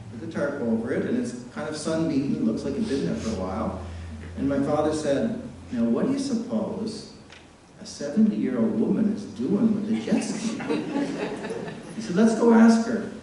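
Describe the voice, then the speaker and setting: A middle-aged man from New Brunswick, Canada, giving a eulogy for his father in a church, telling stories warmly and chuckling at them. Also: mid-range voice, slight background noise. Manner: warm anecdotal storytelling, chuckling at his own stories. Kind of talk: funeral eulogy. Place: large church sanctuary. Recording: very echoey church from a distance.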